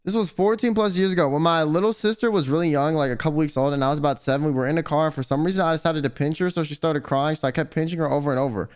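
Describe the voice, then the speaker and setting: A man's voice: a little high, rapid-fire, hardly any pauses, smooth. A young man streaming, reading viewer confessions aloud and reacting with profane, exasperated commentary. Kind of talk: casual livestream commentary.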